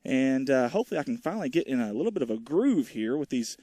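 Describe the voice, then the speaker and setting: A man's voice: medium pitch, sing-song, fast talker, dark tone, no echo. Guy doing local baseball play-by-play outside, chatty, bit winded, dry close sound. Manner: chatty, joking, rambling asides to viewers. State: out of breath. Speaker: play-by-play commentator. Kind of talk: folksy live baseball commentary. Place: outdoors at a small-town ballfield.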